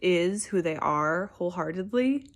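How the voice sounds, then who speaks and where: Brief: young woman, lower voice, effusive rambling vlog chat, many fillers. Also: animated, a little slow. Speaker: vlogger. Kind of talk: casual chat.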